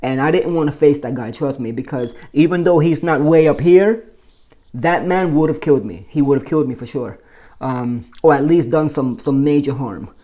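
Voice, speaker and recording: A man's voice: on the high side, normal speed, mellow, lo-fi sound. A man telling his own life story in a rambling monologue, often restarting and correcting himself.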